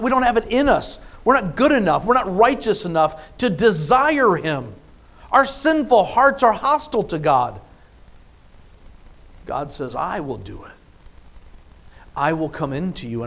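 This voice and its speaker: A man preaching a sermon, reading scripture and explaining it, with emphatic swings between soft asides and loud stressed phrases. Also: sits high. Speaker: pastor.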